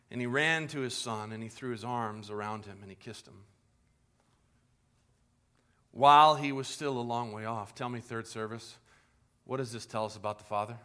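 A middle-aged man preaching a sermon in a church, telling stories and swinging from hushed asides to loud, animated lines. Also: mid-range voice. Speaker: pastor. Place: church sanctuary.

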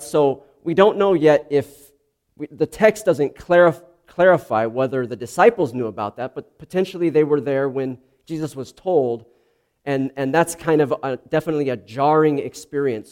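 A man preaching, first praying and then reading scripture and explaining it in an earnest, conversational way. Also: a little high. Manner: earnest, conversational, with restarts and asides. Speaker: pastor. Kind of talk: sermon with prayer and scripture reading.

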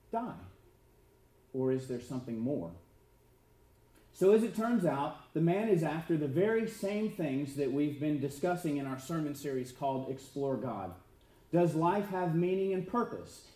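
A man preaching a sermon in an emphatic way, asking rhetorical questions and dropping to quiet lines for effect. His voice sits a bit high and sounds mellow, with a roomy echo around it. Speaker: pastor.

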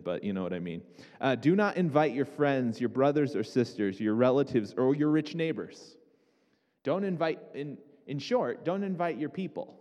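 A man preaches to his congregation in an easygoing, conversational tone, often checking in with the listeners through quick questions. His voice sits at a middle pitch, and it rings with a long reverb that fills the hall around him. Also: darkish tone. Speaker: pastor. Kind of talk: sermon.

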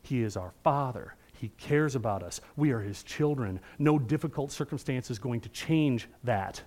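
A man's voice: mid-range voice, expressive, moderate pace, darkish tone. A middle-aged male pastor preaching a sermon in an earnest, conversational way, often checking in with the room.

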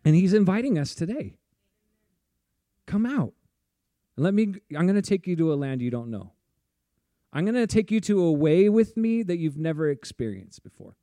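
A man's voice: sits high, very animated, normal speed, pauses often, warm tone, no room sound. A man preaching a sermon in a casual, chatty way, laughing often and saying "like" a lot. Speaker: pastor.

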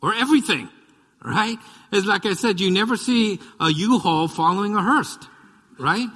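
A man from the United States delivers a sermon in an easy, story-telling way, full of asides to the congregation. His voice is bright and forward, pitched a little high. The sound rings with the long reverb of a church hall. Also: expressive, normal speed. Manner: conversational storytelling with frequent asides. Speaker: pastor.

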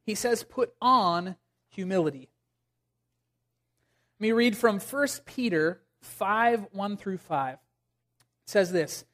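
A man's voice: sits high, lively intonation, takes it slowly, pauses often, a bit bright. A young man preaching a casual, humorous sermon to a church congregation, joking and using many fillers. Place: church sanctuary.

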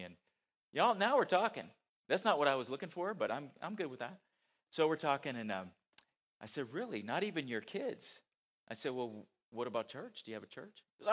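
A male pastor preaches in a relaxed, conversational way, with a voice of ordinary middle pitch. He tells a personal story with lively, animated delivery and breaks into small laughs as he goes. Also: moderate pace. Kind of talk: sermon with storytelling.

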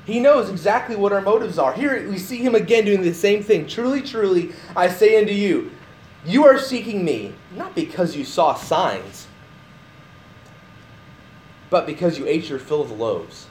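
Male pastor, high-pitched, casual preaching style with quick restarts; faint noise in a church. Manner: conversational preaching with restarts and lively acted quotes. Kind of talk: sermon.

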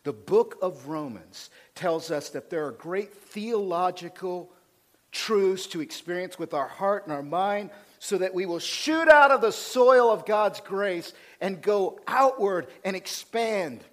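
High-voiced preaching pastor, man. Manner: preaching with rising intensity, dropping low for asides. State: fired up. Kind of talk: sermon.

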